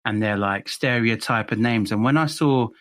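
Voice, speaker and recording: A man with an English accent chatting casually as a podcast co-host, halting and restarting often, with laughs between phrases. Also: mid-range voice, fairly bright tone. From England. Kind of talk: casual chat.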